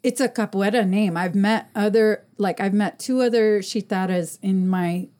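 A woman who chats casually as a podcast guest, telling animated, swearing stories and acting out what people said. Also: mid-range voice, normal speed. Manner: animated, swearing storyteller who acts out voices. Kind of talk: casual chat.

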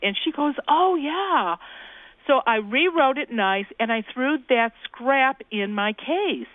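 A woman's voice: fairly high pitch, lively intonation, measured pace, dry recording. A woman guest telling folksy ghost anecdotes in an interview, acting out the voices she quotes, heard over a phone call. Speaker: guest, ghost-talking cookbook author. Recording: tinny phone line.

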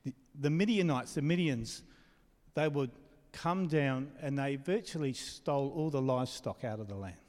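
A man's voice: mid-range voice, lively intonation, normal speed, darkish tone, in a large hall. A man preaching a sermon as pastor, talking conversationally and asking the congregation questions.

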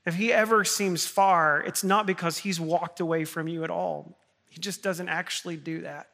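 Bright-voiced man preaching a heartfelt sermon. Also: a little high, fairly even intonation, normal speed, gravelly. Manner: earnest, building to impassioned appeals. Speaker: pastor.

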